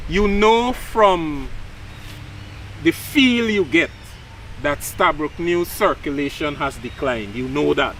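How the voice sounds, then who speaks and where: A Guyanese man co-hosts a talk show, making his points deliberately with hesitant fillers. His voice sits a little high for a man and sounds set back from the mic, with a faint hiss underneath. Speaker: co-host. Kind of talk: measured discussion. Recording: distant mic with faint noise.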